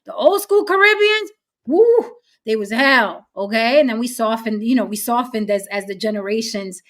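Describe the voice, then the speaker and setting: A woman hosting a casual panel discussion, talking in an animated, emphatic way and acting out voices she quotes. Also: on the high side, brisk. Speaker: panel host.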